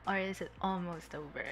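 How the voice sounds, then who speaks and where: A woman livestreaming and chatting warmly with her viewers. She giggles often, sounds nervous, and is a little tipsy. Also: fairly low pitch. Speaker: streamer greeting chat. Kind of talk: casual livestream chat.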